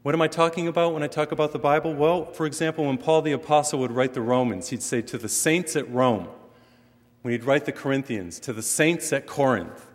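A middle-aged man from western Massachusetts, a priest preaching a sermon with animated emphasis and light humor. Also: on the high side, brisk. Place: church. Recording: long reverb from a large hall.

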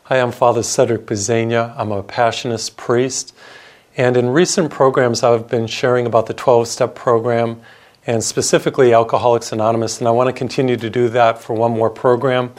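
A man's voice: mid-range voice, flat delivery, fairly quick. A middle-aged man, a priest, preaching a radio sermon in an earnest storytelling way, repeating phrases for emphasis.

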